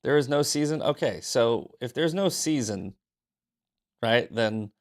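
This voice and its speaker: A man's voice: medium pitch, lively intonation, measured pace. A man hosting a casual news commentary show, reading headlines with sarcastic, profane asides, just out of bed. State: just woke up. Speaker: host.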